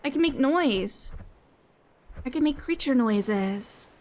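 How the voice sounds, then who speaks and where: A woman's voice: high-pitched, lively intonation, slow pace, darkish tone. A woman streaming a fishing game, chattering to her chat in a bubbly way, gasping with delight and repeating her lines playfully. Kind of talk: casual gaming stream chatter.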